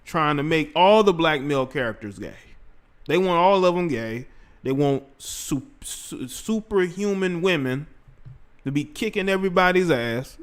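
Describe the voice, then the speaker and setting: A man hosting a casual livestream, his voice sitting a little high for a man. He rambles in slang and talks straight to the people in his chat. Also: lively intonation, a little slow. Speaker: livestream host.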